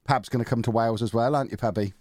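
A man's voice: mid-range voice, fairly even intonation, rapid-fire, darkish tone, no room sound. A man hosting a podcast, chatting casually with teasing, wry banter. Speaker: podcast host. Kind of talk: casual chat.

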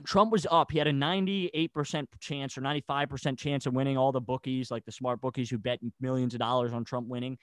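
A man's voice: mid-range voice, steady tone, fast talker, hardly any pauses, a bit bright, smooth, dry recording. A man ranting heatedly in a casual chat, stammering and restarting his sentences. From United States. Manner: agitated and rambling, with stammered restarts.

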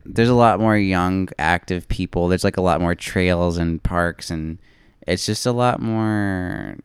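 A woman's voice: extremely low pitch, a little slow, smooth, no echo, studio quality. A woman co-hosting a podcast, rambling casually with lots of fillers. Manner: rambling, filler-heavy storytelling. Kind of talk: casual chat.

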